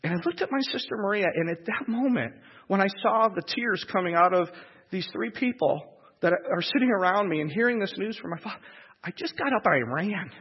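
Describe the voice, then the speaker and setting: Gravelly man telling a personal testimony. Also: high-pitched, lively intonation. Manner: emotional, halting storytelling with repeated words. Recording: echoey hall, dull lo-fi sound.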